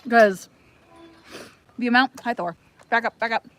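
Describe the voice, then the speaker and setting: A woman's voice: fairly high pitch, a little slow, a bit bright. A woman from Ohio chatting casually on a livestream, rambling and easily distracted, talking to her dogs as she walks her homestead. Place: outdoors on a homestead.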